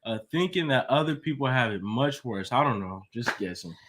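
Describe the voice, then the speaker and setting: A man's voice: medium pitch, animated, normal speed, fairly bright tone. A man co-hosting a live advice stream, reading viewer comments aloud in a laid-back, casual way.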